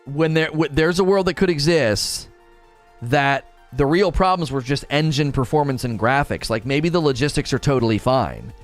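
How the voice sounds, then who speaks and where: A man co-hosting a casual gaming chat, ranting in an animated, emphatic way. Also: medium pitch, moderate pace, soft background music. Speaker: podcast co-host.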